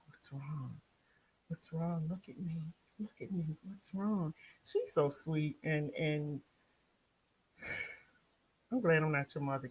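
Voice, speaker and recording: Woman, Baltimore accent, husky, low-pitched, lively show recap, talks back at the screen. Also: rough recording. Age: young adult or middle-aged, has a son. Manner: animated storytelling, talks back to the people in the show. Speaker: show host reviewing a reality series. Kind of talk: casual recap and commentary.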